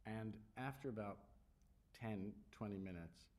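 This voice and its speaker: A middle-aged man, an actor, answering audience questions on stage with animated, self-deprecating storytelling. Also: lowish voice, a little slow. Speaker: actor at festival Q&A. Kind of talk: onstage Q&A answers.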